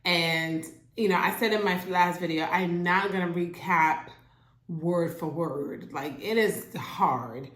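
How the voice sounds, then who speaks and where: A woman's voice: lowish voice, slow pace. Chatty woman recapping a show at home. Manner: chatty, animated, acts out characters' lines. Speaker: TV show reviewer. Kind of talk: casual show recap to camera. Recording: roomy echo.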